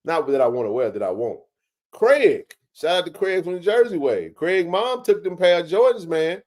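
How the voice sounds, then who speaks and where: A man hosts a live sports chat in a relaxed, slang-heavy way. His voice sits a bit high for a man, and he fills his talk with "man" and "bro.". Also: normal speed. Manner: laid-back, slangy, says "man" and "bro" a lot. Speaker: livestream sports show host.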